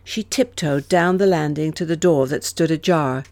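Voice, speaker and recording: A woman narrating an audiobook in a measured, expressive manner. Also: low-pitched, dry recording. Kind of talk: scripted narration.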